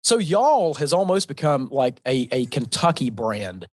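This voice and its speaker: A man from West Virginia with a southern West Virginia accent, hosting a relaxed panel chat. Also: mid-range voice, unhurried, no room sound. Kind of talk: casual panel discussion.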